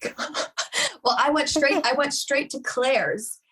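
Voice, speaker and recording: Female guest in her 30s, slightly high voice, animated and giggly in loose chat. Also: measured pace. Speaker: songwriter guest. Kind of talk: casual gossip chat.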